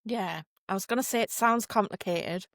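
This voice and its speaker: A woman's voice: medium pitch, normal speed, no room sound, studio quality. Giggly woman hosting an interview. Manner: giggly, friendly. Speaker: host. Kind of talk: casual interview chat.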